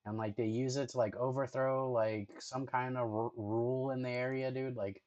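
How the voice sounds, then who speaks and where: Man streaming, casual slangy talk, mid pitch, dry close sound. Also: steady tone, moderate pace, darkish tone, dry recording, dull audio. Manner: loose slangy talk with constant 'like' and 'dude'; chatty, talks playfully to his dog. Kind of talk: casual reaction stream chat.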